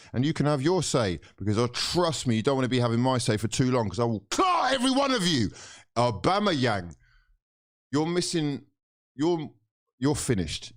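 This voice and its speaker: Furious sweary young football fan. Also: male voice, mid-range voice. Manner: exasperated, sweary, swings between shouting and muttering. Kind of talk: angry fan reaction rant.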